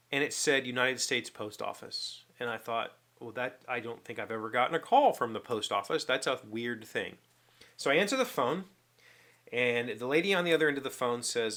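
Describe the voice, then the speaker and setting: Man, middle-aged, casual storytelling host, acts out both voices of a call, bright tense tone. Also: medium pitch. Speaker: vlog host. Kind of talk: casual chat to camera.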